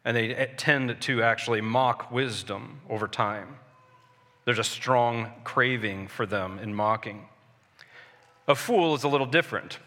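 Male pastor, mid-pitched, sermon delivery, earnest, reverberant sanctuary. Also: a bit bright. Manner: earnest preaching with pauses and restarts. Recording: long reverb of a large hall.

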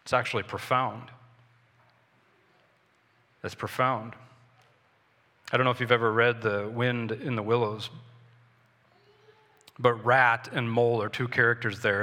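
A man's voice: lowish voice, little pitch movement, normal speed, pauses often, pushed and bright. A man preaching a sermon earnestly, often repeating himself and correcting his words in a church. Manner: earnest, repetitive, self-correcting. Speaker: pastor. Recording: long hall reverb.

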